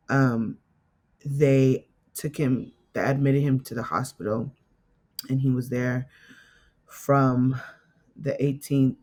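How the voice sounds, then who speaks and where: A young adult woman, a podcast guest, telling her own story and acting out the conversations she retells. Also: a bass voice. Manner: animated retelling that acts out quoted dialogue. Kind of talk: personal storytelling in a podcast interview.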